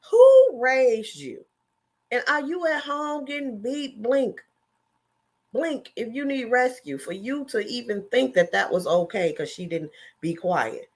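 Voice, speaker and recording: Woman venting on her vlog, blunt and sassy, swinging loud and high then dropping low. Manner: blunt, heated, sassy ranting; swings in pitch and volume, mocking voices. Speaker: commentary vlogger. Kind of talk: casual opinion vlog.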